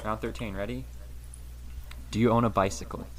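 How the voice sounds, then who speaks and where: A young man co-hosting a podcast over a call, playful and quick to chime in. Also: fairly low pitch, steady tone. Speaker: podcast co-host. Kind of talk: casual chat over a call. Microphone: call audio. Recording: noisy call line.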